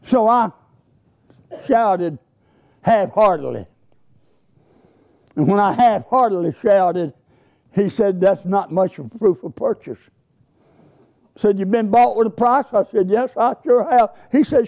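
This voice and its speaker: A man's voice: sits high, measured pace, pauses often. A man preaching a sermon, telling folksy stories and rising into bursts of praise. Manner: folksy storytelling, rising to exuberant shouts of praise. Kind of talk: sermon with storytelling.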